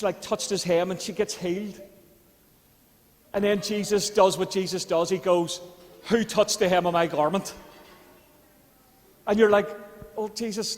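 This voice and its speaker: High-voiced Northern Irish pastor preaching. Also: male voice. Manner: conversational preaching, rising to fervent appeals. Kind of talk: sermon. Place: church hall. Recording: long church reverb.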